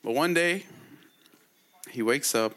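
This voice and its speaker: Slow, slangy male storyteller. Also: mid-range voice, animated, bright, forceful tone. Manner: slangy, chuckling, lots of filler "like". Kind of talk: casual oral storytelling.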